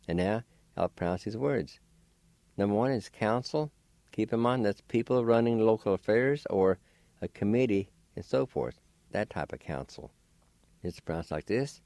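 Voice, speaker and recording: A man's voice: lowish voice, expressive, normal speed, dark tone, dry recording. A man hosting a radio language lesson, patiently spelling and repeating words syllable by syllable.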